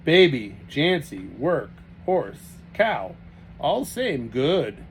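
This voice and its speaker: A big, jolly Russian man with a Russian accent booms out short, broken phrases, as a male reader puts him on. He laughs through his words and sits well above the reader's usual pitch. It is a storybook voice, loud and friendly. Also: sing-song, very slow, slight background noise, full character voice. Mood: earnest.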